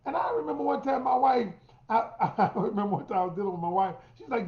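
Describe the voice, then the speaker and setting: Speaking fast with lively intonation, this middle-aged male relationship coach has a high, creaky, darkish voice. He coaches women emphatically and directly, addressing them as y'all and performing quoted lines, on a roomy, dull lo-fi recording.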